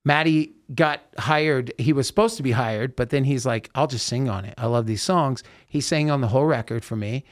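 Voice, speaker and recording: A man hosting a podcast in a studio, telling a story with lively voiced-out quotes. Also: mid-range voice, moderate pace, few pauses. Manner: animated storyteller acting out quotes. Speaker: podcast host. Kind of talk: casual storytelling chat.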